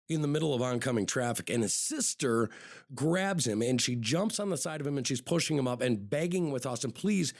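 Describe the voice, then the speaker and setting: Male podcast host, casual true-crime storytelling, conversational, repeats words, mid-pitched voice, dry close sound. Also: no room sound. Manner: conversational, repeats words and says "you know" often.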